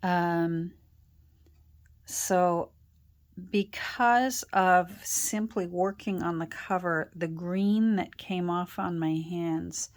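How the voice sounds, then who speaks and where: A woman's voice: lowish voice, steady tone, drawn-out words. A Canadian woman from Ontario chatting casually while she crafts, rambling with fillers and self-corrections, her voice still a little off after a sore throat. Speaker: crafter and channel host. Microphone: own external microphone.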